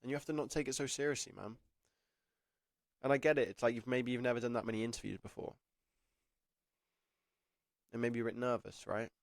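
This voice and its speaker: Fast-talking young man, chatty and rambling. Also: mid-range voice, steady tone, vocal fry, dry recording, studio quality. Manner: chatty, rambling, heavy use of "like"; self-conscious and laughing. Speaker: apprenticeship advice vlogger. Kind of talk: casual talk to camera.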